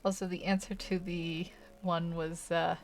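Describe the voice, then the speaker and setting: A woman's voice: lowish voice, flat delivery, measured pace, soft background music. A woman chatting casually while she draws, giggly and rambling, tired from a long day without sleep. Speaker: art channel host. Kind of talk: casual drawing commentary.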